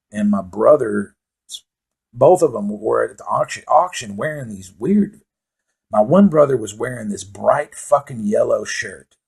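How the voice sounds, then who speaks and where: A man's voice: lowish voice, gravelly, darkish tone, husky. A man hosting his own comedy show, telling rambling, profane stories in a casual stand-up style. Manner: profane rambling with filler words. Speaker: comedian host.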